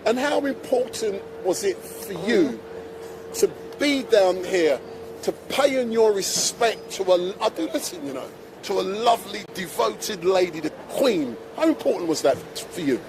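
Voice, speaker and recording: His high-pitched voice swings widely in pitch as this man, speaking at a measured pace, does a chatty live interview on a busy city street. He uses a handheld microphone and exclaims a lot, with street noise and traffic in the background.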